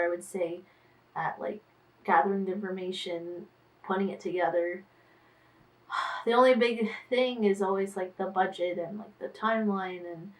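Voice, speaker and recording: Weary woman, artist manager, unhurried diary-vlog chat, sighs and trailing thoughts, mic at a slight distance. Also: mid-range voice. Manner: sighing, trailing off, musing aloud. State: tired.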